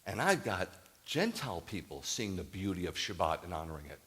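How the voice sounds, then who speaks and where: A Messianic rabbi telling a story in a sermon to a live congregation, acting out the dialogue and building to emphatic preaching. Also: male voice, deep voice, a little fast. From United States. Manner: animated, acts out quoted dialogue, rises to emphatic preaching. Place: congregation hall, addressing a live audience.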